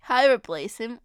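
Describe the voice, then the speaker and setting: A woman's voice: fairly high pitch, dry recording, studio quality. A young woman streamer chatting casually with her viewers, giggling often between phrases. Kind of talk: casual live-stream chat.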